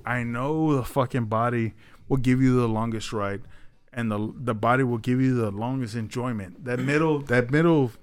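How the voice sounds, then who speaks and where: A man co-hosting a podcast, telling a long story in a casual, profane way and loudly acting out the lines he quotes. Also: mid-range voice, smooth. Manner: heavy swearing, says dude a lot. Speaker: podcast co-host.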